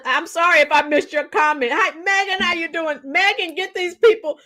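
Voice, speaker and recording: A woman's voice: sits high, measured pace, shouting. A woman hosting a livestream, bluntly sounding off and talking back to her chat by name. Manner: animated, blunt, laughs often, talks to chat by name. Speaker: livestream host reading chat. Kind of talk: opinionated livestream commentary.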